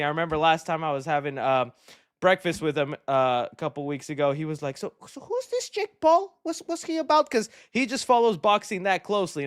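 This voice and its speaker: A man's voice: high voice, fairly bright tone, no echo, studio quality. A man hosting a movie news livestream, chatting with viewers in upbeat, slangy, jokey banter. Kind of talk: casual live-stream chat.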